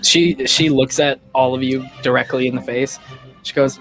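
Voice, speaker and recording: A woman's voice: very deep voice, moderate pace, faint music behind. A woman narrating as game master of a tabletop game, with frequent restarts. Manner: lively, stumbling restarts.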